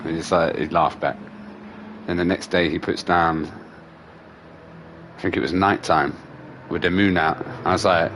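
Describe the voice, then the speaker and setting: A man's voice: low-pitched, steady tone, moderate pace, long pauses, a bit bright, a little hiss or hum. A young man streaming a racing game, chatting casually and teasing a friend, swearing freely. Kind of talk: casual gaming livestream chat. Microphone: gaming headset.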